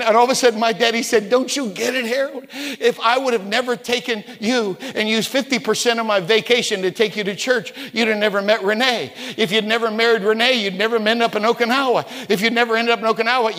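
A man in his sixties from West Virginia preaching a sermon in a church, telling stories, stumbling over repeated words and rising to shouts. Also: high-pitched. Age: 60s. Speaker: pastor. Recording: reverberant church hall.

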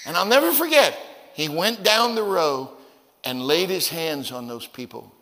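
Bright-voiced pastor preaching in a reverberant hall. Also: male voice, animated, measured pace. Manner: storytelling, builds from low murmurs to loud emphatic peaks; folksy and conversational, with stammered repeats. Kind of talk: sermon. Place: church sanctuary.

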